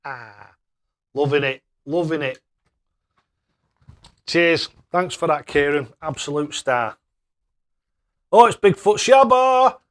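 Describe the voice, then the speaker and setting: A man's voice: a little high, animated, slow, long pauses, a bit bright. A man hosting a casual live stream, chatting away and thanking viewers by name with matey banter. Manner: matey banter, calls people mate.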